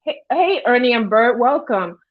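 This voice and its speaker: Female livestream host, casual chatty commentary, slightly high voice, dull lo-fi audio. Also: expressive, normal speed. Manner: chatty, greets chat viewers by name mid-story.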